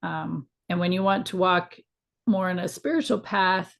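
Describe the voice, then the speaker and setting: A woman's voice: fairly low pitch, normal speed, vocal fry, fairly bright tone. A middle-aged woman co-hosting a casual spiritual chat, talking in a frank, reflective way with some mild swearing. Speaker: podcast co-host.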